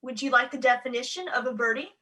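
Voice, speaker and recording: A man's voice: very high-pitched, fast, bright, forceful tone, distant mic, voice pushed up, exaggerated voice. A man voicing a pedantic female voice assistant that corrects people literally, heard in a stage play.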